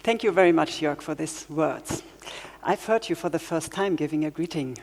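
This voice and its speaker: A woman's voice: low voice, normal speed, darkish tone, a little hiss or hum. A woman moderating a conference who introduces speakers in a chatty, informal way with many fillers. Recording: echoey hall with faint crowd.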